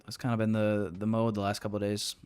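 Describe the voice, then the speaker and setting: Low-voiced frustrated young man streaming trades. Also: monotone, fast talker, darkish tone, clean tone, soft background music. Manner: frustrated, rambling, restarts, calls viewers boys. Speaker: day trader streaming live. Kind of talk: casual live-stream commentary.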